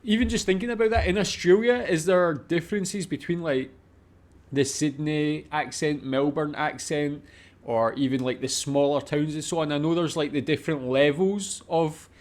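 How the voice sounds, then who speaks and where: A man's voice: fairly high pitch, moderate pace. A man in his thirties hosting a reaction video, thinking aloud casually and rambling with many fillers.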